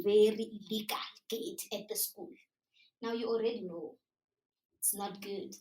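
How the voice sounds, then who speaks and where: A young South African woman with a South African accent tells a story live to an audience, animated and chatty, her voice sitting a little high. She slips local words into her talk. The sound is roomy and picked up from a distance. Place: live event room.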